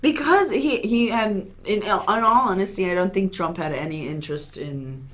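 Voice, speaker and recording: A woman's voice: fairly low pitch, moderate pace. A woman co-hosting a podcast in casual chat, chatty and sarcastic as she recaps the news. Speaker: podcast co-host.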